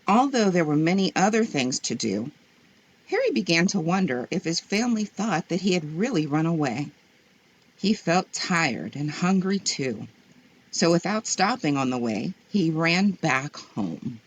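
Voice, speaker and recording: A woman reading children's stories aloud in a slow, gentle, expressive way. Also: on the low side, breathy edge. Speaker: storyteller. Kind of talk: children's story read-aloud.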